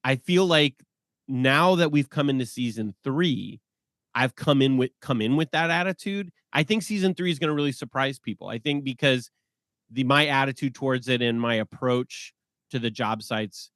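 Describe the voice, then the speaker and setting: A man in his forties, a podcast guest telling stories in an animated way and laughing often. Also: mid-range voice, moderate pace, dry recording, clean studio sound. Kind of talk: casual podcast conversation.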